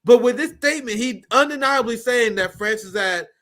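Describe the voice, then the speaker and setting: A man's voice: very high voice, normal speed, pushed and bright. A man hosting a live political talk show, blunt and profane, riffing animatedly and handing over to a co-host. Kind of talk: casual political commentary.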